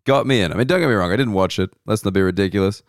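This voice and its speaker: An Australian comedian hosting a podcast, telling rambling self-deprecating stories slowly, his voice hoarse and worn. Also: on the low side, no echo, studio quality. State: losing his voice. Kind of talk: casual comedic monologue.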